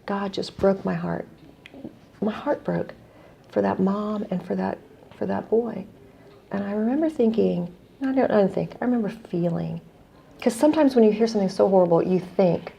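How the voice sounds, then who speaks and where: A middle-aged woman from the United States tells a heartfelt story as a guest, reflective and earnest. Her voice is deeply gravelly with a mellow, dark tone. Faint noise hums underneath. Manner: earnest, reflective storyteller, quoting others in dialogue. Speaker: guest, non-profit executive director. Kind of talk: conversational storytelling.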